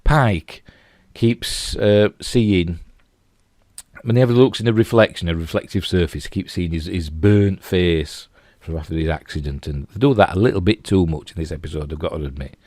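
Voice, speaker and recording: Yorkshire man, very low voice, dry close sound, chatty rambling reviewer. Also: normal speed, a little mellow, no echo. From Yorkshire, England. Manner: rambling, lots of "you know" and restarts. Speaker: TV episode reviewer. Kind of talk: casual spoken review.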